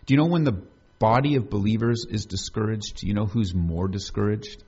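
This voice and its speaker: Guy preaching, low voice, mellow and a bit husky, kinda dull lo-fi sound. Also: moderate pace. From United States. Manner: conversational, asks the congregation questions. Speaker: pastor. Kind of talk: sermon.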